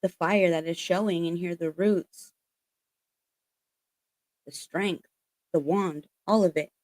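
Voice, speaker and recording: A woman's voice: lowish voice, fairly even intonation, slow, a little mellow, no room sound. A woman giving a casual spiritual tarot reading, earnest and emphatic, swearing freely as she passes on encouraging messages. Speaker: tarot reader.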